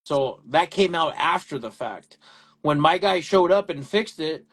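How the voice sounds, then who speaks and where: A man's voice: fairly high pitch, unhurried. A man, an electrical contractor, telling a story in casual chat and acting out both sides of a phone exchange. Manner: animated storyteller, acts out phone dialogue.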